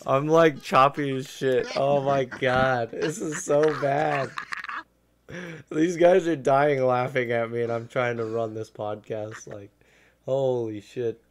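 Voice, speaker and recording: A man's voice: medium pitch, fairly even intonation, slow pace. A young man hosting a podcast in casual chat, who swears a lot and gets frustrated easily. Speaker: podcast host.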